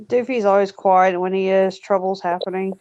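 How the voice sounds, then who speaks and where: A woman's voice: mid-range voice, steady tone, moderate pace, a little mellow, clean tone, dry recording, highs cut off. A woman chatting casually and bluntly with friends. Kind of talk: casual chat.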